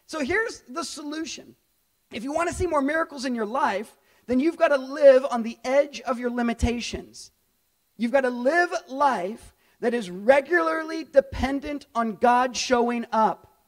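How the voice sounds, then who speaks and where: A middle-aged pastor with a very high voice preaches in an animated, conversational way at a moderate pace. He speaks directly to the congregation and jumps into character voices for the people in his story.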